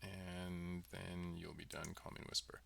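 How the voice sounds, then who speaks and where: A man's voice: deep voice, level tone, measured pace, gravelly, a little hiss or hum. A man developing a game on a livestream, thinking aloud with many ums and let's sees as he works. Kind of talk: livestream coding walkthrough. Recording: distant mic with loud keyboard typing. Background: keyboard typing and mouse clicks.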